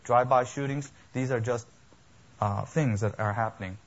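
A man's voice: medium pitch, normal speed. A man preaching a sermon as a pastor, emphatic and building, with lists and rhetorical questions. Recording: dull lo-fi sermon recording.

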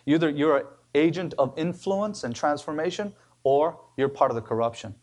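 A man preaching a sermon as pastor, emphatic, his voice rising on key words and dropping low at the ends of phrases. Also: normal speed, darkish tone. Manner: emphatic preaching with rises and sudden drops.

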